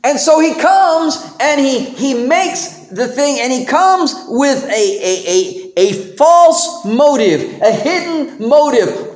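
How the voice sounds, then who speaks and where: Man, pastor, sermon, high voice, lively pitch, unhurried, echoey room. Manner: animated, acts out biblical characters in quotes.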